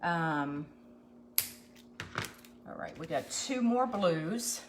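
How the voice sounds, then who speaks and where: A woman's voice: on the low side, animated, drawn-out words, background noise. A woman hosting a live craft tutorial, chatting folksily with viewers as she works. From USA. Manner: chatty, folksy, talks to viewers while working. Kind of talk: live craft demonstration chat.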